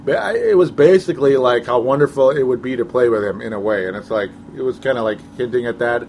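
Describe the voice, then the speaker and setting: A man's voice: mid-range voice, quick pace, darkish tone, a little hiss or hum. A man co-hosting a sports talk show, rambling casually with chuckles and sarcastic asides.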